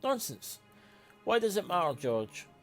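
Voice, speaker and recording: A man's voice: high voice, sing-song, unhurried, faint music behind, pitched above the performer's own voice. A man voicing a haughty older lady of the house who bosses her staff. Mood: scolding. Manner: imperious, fussy.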